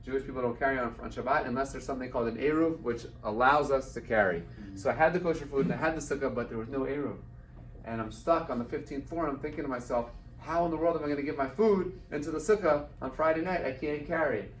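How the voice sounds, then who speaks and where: Man in his forties, guest speaker, lively storyteller, echoey hall, mic a little far off. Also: medium pitch, fast. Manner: animated storyteller acting out quotes. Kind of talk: storytelling talk to an audience. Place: event hall with live audience. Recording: roomy hall, mic heard from a distance.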